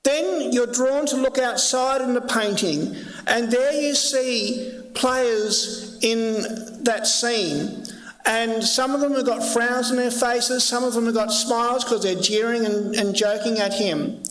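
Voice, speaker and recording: A man's voice: very high-pitched, takes it slowly, fairly bright tone. A man preaching a sermon as pastor, earnest and emphatic, with lots of repetition. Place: church sanctuary. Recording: echoey church hall reverb.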